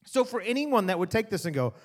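A man preaching a sermon in an animated way, swinging from loud emphasis to quiet asides. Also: high voice, fast. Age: adult parent. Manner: animated preaching, rising and dropping to soft asides. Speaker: pastor.

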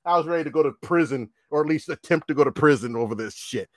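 A man in his fifties telling a story in casual chat, animated and profane, often laughing. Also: a little high, fast, dry recording. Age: 50s.

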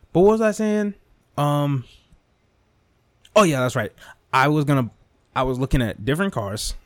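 A young man on a podcast, talking off the cuff in a loose, profane rant. His pitch leaps all over the place as he gets worked up, and the sound is close and dry with no room around it. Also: unhurried, pauses often, no echo. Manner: animated, profane, repetitive, swings into mock whispers and impressions. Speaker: podcast host. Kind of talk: casual rant monologue.

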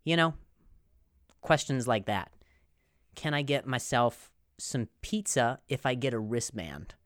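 An unhurried man with lively intonation and a fairly bright, medium-pitched voice hosts a podcast in a dry, studio-quality recording. His casual comedic monologue wanders and jokes, with stumbles over words and laughter at his own punchlines.

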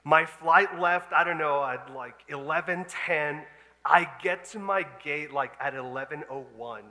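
A man in his thirties, a pastor, telling a story in an animated, laughing sermon style. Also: a little high, unhurried. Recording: long hall reverb.

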